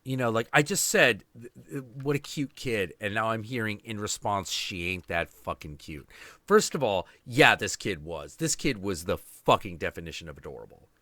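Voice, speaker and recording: A man in his twenties with a low, deep voice that still has a bright, forceful edge. He rants through a story with casual profanity, recorded dry and close. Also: sing-song, moderate pace, no echo. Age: 20s. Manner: profane, ranting, confrontational. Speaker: podcast host.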